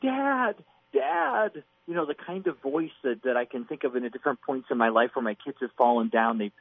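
A middle-aged man talks through a Bible passage with earnest emphasis. His voice is husky, and it comes through a dry, narrow, phone-like radio line. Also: medium pitch, steady tone, fast, dry recording. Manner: earnest, emphatic, acts out quoted pleas. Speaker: Bible teacher on a radio program. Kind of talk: conversational Bible teaching.

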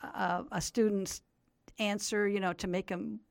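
Older woman, Bible teacher, earnest explainer, mid pitch, dry close sound. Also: steady tone, a little slow, creaky, dry recording. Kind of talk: radio interview, storytelling.

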